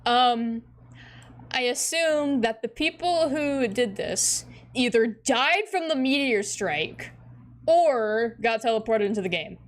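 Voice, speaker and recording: Woman host, giggly read-aloud with commentary, slightly high voice, swears casually. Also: expressive, takes it slowly. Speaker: host reading a webcomic aloud.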